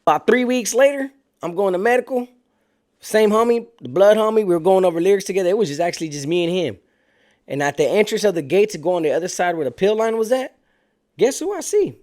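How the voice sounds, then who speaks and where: A man's voice: high-pitched, expressive, fast talker, darkish tone. A man casually telling a story in street slang, animating it by acting out what other people said. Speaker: storyteller recounting prison life.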